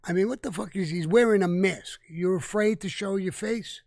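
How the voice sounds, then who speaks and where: A man's voice: high-pitched, normal speed, vocal fry, darkish tone, no echo, studio quality. Blunt, profane older New man. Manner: blunt and profane, with rambling restarts. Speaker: guest answering viewer questions. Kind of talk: casual live Q&A.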